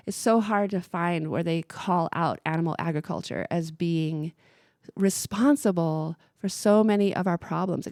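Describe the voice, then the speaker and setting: A woman with a somewhat low voice talks through ideas earnestly, often restarting her sentences. Her casual radio-show delivery sounds dry and close, with no room around it. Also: a little mellow, dry recording. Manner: earnest, explanatory, many restarts. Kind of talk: casual discussion.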